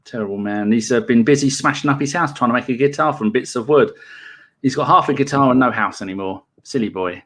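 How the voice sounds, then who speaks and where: Male podcast host, mid-pitched voice, sardonic and sweary, reads listener questions. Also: a little fast, fairly bright tone. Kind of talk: casual football chat.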